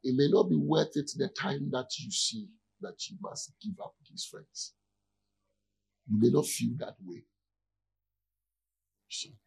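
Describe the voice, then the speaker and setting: A man's voice: mid-range voice, animated, measured pace, vocal fry, long pauses, a little mellow, husky, poor audio. A man preaching as a pastor in a conversational sermon, often checking in with his listeners to see if they follow.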